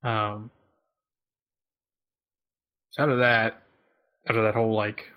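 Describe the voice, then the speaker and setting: A man's voice: fairly low pitch, takes it slowly, dull audio. A young man chatting casually as a co-host, retelling a video game's story with lots of fillers. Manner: relaxed, filler-heavy storytelling. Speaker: podcast co-host. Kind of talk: casual chat recapping a video game.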